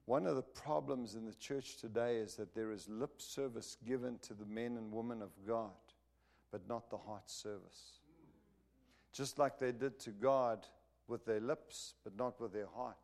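A man's voice: medium pitch, steady tone, unhurried, vocal fry, a little mellow. Male preacher in a sermon, emphatic and punchy, checks in with the listeners, voice sits mid-range. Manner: emphatic, punchy, drives points home with repeated phrases; asks the listeners for agreement.

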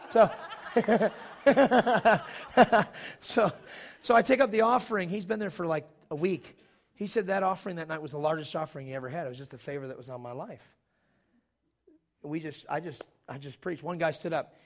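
A man preaching a sermon in a church, telling stories with jokes in an animated way. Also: fairly high pitch, normal speed.

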